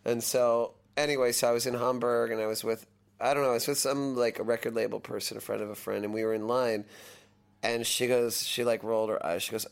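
Brief: male host, casual storyteller, gravelly texture. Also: mid-range voice, quick pace. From Texas. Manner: animated storyteller, laughs easily. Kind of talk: casual chat.

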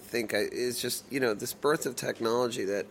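A man's voice: mid-range voice, moderate pace, fairly bright tone, a little hiss or hum. A middle-aged man, a touring musician from the United States, talking casually in an interview and rambling with restarts and fillers.

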